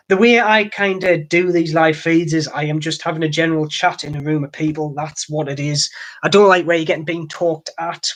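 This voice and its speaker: A man's voice: a little high, a bit bright. A man from North East England with a Durham accent, hosting a casual live stream from home and rambling along with "like I say". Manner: rambling, chatty, keeps saying "like I say". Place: home, next to his computer.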